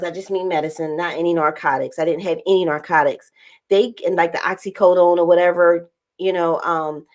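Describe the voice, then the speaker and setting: A young woman vlogging to camera in casual storytelling, acting out quoted lines in a raised voice and laughing often. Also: medium pitch.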